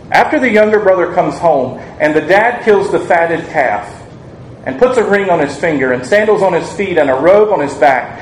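A man preaching a sermon, earnest and measured, asking the congregation rhetorical questions and acting out quoted lines. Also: high-pitched. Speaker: pastor. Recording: echoey room, faint ambient noise.

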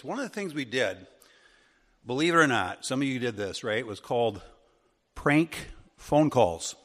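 Folksy Wisconsin man in a reverberant hall. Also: medium pitch. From northern Wisconsin. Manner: folksy, animated, acts out funny voices. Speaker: Sunday school teacher. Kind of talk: storytelling lesson.

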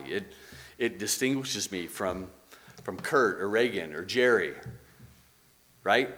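Male Bible teacher, earnest explainer, very lively intonation, mid pitch. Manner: earnest, explains with examples and rhetorical questions. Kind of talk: church class teaching.

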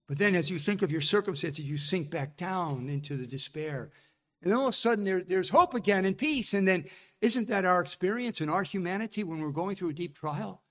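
A man's voice: high-pitched, a bit bright. A man preaching a sermon, teaching earnestly through a psalm and rising to impassioned emphasis on its cries.

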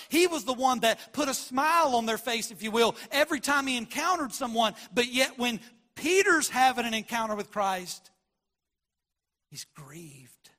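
A man preaching a sermon, swinging between loud emphatic lines and quiet murmurs, and acting out Bible dialogue. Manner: preaching with big swings in loudness, from near-shouts to low murmurs; acts out Bible dialogue in quoted voices. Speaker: pastor.

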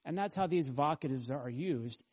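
A man's voice: fairly high pitch, animated, moderate pace, darkish tone. A man pastor preaching an expository sermon, earnestly teaching and asking the congregation rhetorical questions.

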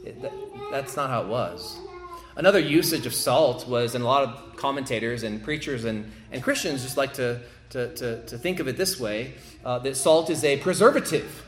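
A man's voice: medium pitch, moderate pace, roomy sound. A male pastor delivering a sermon, emphatic and prone to repeating words as he builds a point.

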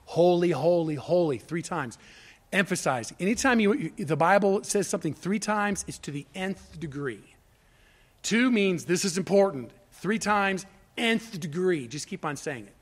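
A man preaching a sermon as pastor, emphatic, swinging between loud declarations and hushed asides, asking rhetorical questions and answering them himself. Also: high voice, expressive, measured pace, breathy edge.

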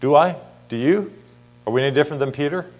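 A man's voice: a little high, fast, darkish tone. A middle-aged man preaching an earnest Bible sermon, asking the congregation rhetorical questions and reading scripture aloud.

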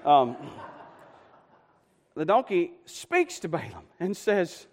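A man preaching a sermon, telling a story in a folksy way and swinging from loud to hushed. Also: high voice, sing-song, drawn-out words, long reverb tail. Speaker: pastor.

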